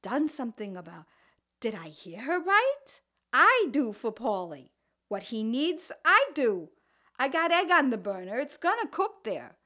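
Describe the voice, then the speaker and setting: A woman's voice: sits high, very animated, measured pace, pushed and bright. A woman voicing an older, fussy and fretful mother with a Brooklyn accent, telling her story in the first person with wry, complaining asides. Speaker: narrator.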